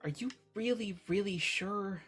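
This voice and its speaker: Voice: medium pitch, measured pace, a bit bright, husky, faint music behind, voice pushed up. A player voicing Janet, a blunt, protective older sister who brushes off strangers.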